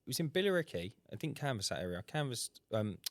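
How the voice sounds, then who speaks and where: A man chats at a rapid clip on a podcast. He tells stories with energy, putting on the voices of customers. His voice sits mid-range and sounds close and dry. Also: medium pitch, dry recording. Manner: animated storyteller acting out customer dialogue. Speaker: podcast co-host, window cleaner. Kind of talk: casual chat.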